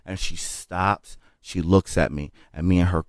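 Here is a male comedian spinning a long anecdote in a fairly low voice, recorded close and dry with no room sound. He talks in an animated, swearing, conversational way and slips into other people's voices. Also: a little slow, no room sound. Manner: animated, profane, acts out quotes. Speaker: comedian guest. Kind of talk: casual storytelling on a podcast.

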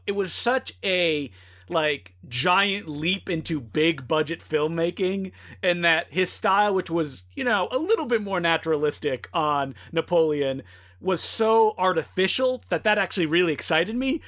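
A man's voice: high-pitched, animated, a bit bright. A man co-hosting a film podcast, talking bluntly and critically in a casual chat. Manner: blunt, critical, quick asides. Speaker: podcast co-host.

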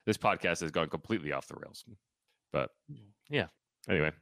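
A man co-hosting a casual sports podcast, talking fast and joking with a sarcastic streak. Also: sits low, animated, fairly bright tone, no echo. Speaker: podcast co-host.

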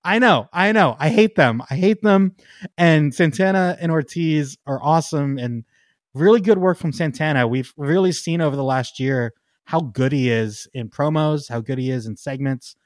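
Male podcast co-host, casual and excitable, slightly high voice, laughs easily, dry close recording. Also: normal speed, dry recording. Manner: excitable, laughs often, trails off with ums. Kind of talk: casual chat.

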